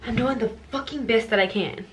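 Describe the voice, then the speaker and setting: A woman's voice: fairly high pitch, a little fast. A young woman talks to her viewers in a get-ready-with-me vlog. She is casual, frank and profane, poking fun at herself. She is recorded at home on a phone or camera mic with a faint hiss behind her. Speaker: vlogger.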